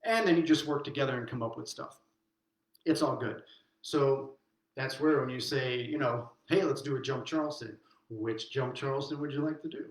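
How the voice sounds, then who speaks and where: A man's voice: mid-range voice, normal speed. A middle-aged man teaching a swing dance lesson online, counting steps aloud while he dances, upbeat. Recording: very echoey room.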